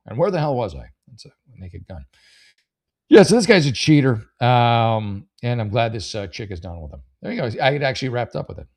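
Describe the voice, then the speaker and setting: Very animated and brisk, this podcast host has a medium pitch with a slightly mellow quality. He casually reads online posts and offers blunt advice, rambling with plenty of fillers and the occasional swear word.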